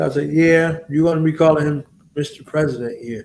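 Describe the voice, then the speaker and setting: A man hosting a loose late-night chat, spinning animated, profane stories and acting out every voice he quotes. His voice sits at an ordinary pitch and rings around a roomy space. A faint background hum runs under it. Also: fast talker. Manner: profane, boastful. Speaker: host. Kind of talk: casual chat.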